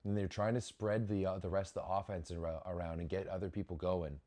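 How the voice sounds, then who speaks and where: A young man hosting a volleyball watch-along, giving casual live commentary with sudden excited exclamations and frequent restarts. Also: deep voice, fairly quick.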